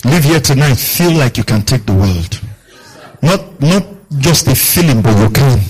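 The man sounds animated yet measured, a little mellow and slightly rough, on a rough recording. Preaching as pastor, he poses questions to his listeners, repeats core lines, and dramatizes the people in his stories with large pitch shifts in their quoted voices.

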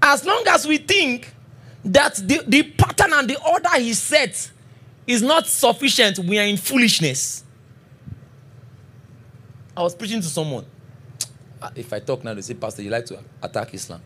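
Middle-aged man, pastor preaching, high and very expressive, keeps checking in with the crowd. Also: slightly rough. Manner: preaching with frequent call-and-response checks; reads scripture slowly and deliberately. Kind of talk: sermon.

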